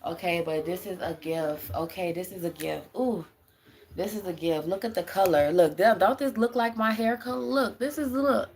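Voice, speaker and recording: A woman's voice: lowish voice, fairly even intonation, normal speed, darkish tone. A young adult woman on a live stream who rambles, swears and laughs often while answering her chat as a spiritual reader.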